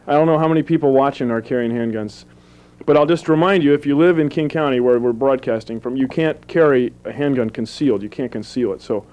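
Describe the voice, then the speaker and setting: A man in his thirties doing goofy stand-up comedy on a public access TV show, deadpan jokes with sudden silly voices. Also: medium pitch, fairly quick, clean tone. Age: 30s. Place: small TV studio with live audience.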